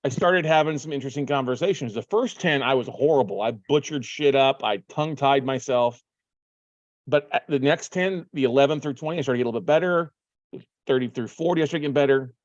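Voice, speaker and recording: A man's voice: medium pitch, fairly quick, dry recording, highs cut off. A man hosting a show, telling a story casually and acting out his own phone calls. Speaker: podcast host.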